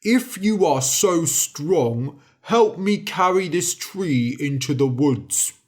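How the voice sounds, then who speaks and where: Casting: mean storybook giant, put on by the narrator, slow and grudging, with a lot of rise and fall in the voice. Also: medium pitch, animated, darkish tone. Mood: gruff. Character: huge mean-tempered male giant.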